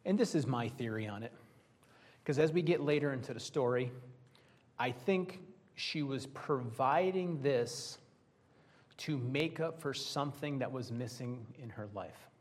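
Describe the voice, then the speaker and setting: A man preaching a conversational sermon to a Bible study group, lively, with joking asides to his listeners. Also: mid-range voice, measured pace.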